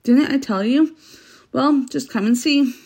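A woman's voice: sits high, measured pace, darkish tone, husky, pitched above the performer's own voice, full character voice. A woman voicing an eager, motherly female beaver in a storybook reading.

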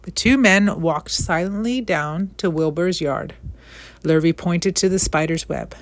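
A woman reading a children's novel aloud in a gentle, measured storytelling manner. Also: on the low side, no room sound. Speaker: storybook reader.

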